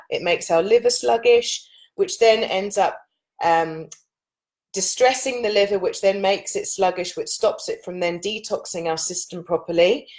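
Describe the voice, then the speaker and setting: A woman in her late thirties, a yoga and oils teacher, chatting informally to camera with a husky voice and loose, run-on explanations. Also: medium pitch, darkish tone. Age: 30s. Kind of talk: casual chat to camera.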